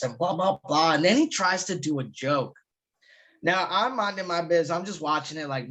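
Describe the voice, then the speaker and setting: A man's voice: on the high side, animated, normal speed. A man, a guest comedian, chatting casually on a podcast and telling loose, profane stories full of fillers.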